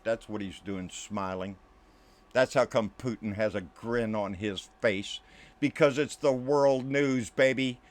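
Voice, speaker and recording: A man hosting a political commentary channel, delivering an angry, profane rant to camera. He keeps calling the listener "baby" and often sinks into low, muttered asides. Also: a little slow.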